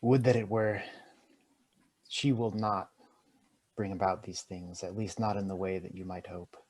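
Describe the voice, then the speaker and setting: A man playing his character in a tabletop game, speaking calmly and earnestly. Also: deep voice, breathy edge. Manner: calm, earnest, measured. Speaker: player. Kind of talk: in-character tabletop role-play.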